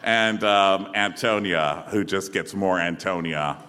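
Lower-voiced guy doing campy recap jokes, live room echo. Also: bright, forceful tone. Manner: campy, quick jokes, frequent impressions. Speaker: podcast co-host. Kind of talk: comedic recap chat. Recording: live venue with hall reverb.

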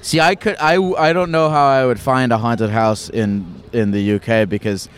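A man's voice: mid-range voice, fairly even intonation, normal speed, clear, resonant tone. A man doing casual, joking street interviews outdoors in a city, rambling and playful. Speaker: street interviewer in a gecko costume.

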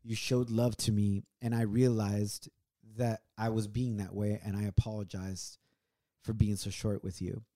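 A man's voice: little pitch movement, unhurried. A man telling a personal story on a couple's podcast, earnest and reflective, his voice rising and dropping with feeling. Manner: earnest, reflective, swings from low and quiet to raised. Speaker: podcast co-host.

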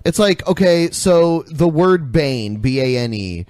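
Halting, stammering podcast man. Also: on the high side, lively intonation, a little mellow, no echo. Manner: halting, repeats words while ranting. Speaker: podcast co-host. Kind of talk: casual podcast banter.

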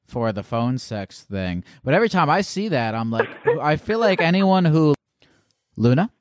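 Man asking curious, halting questions. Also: on the high side, sing-song, dry recording, clean studio sound. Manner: curious, stumbling questions with restarts. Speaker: host. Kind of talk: casual interview chat.

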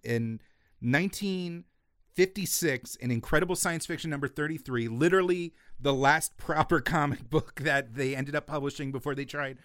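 Podcast guy getting all worked up telling a comic story, bright forceful voice, fairly high, dry sound. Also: moderate pace, no room sound. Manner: animated, acts out quoted lines, gets loud and worked up. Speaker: podcast co-host. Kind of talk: casual chat, retelling a comic story.

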